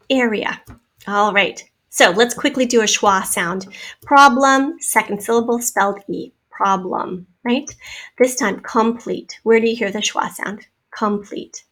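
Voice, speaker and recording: A woman's voice: a little high, sharp tone. A woman teacher giving a spelling lesson to children, patiently sounding out syllables and explaining vowel sounds.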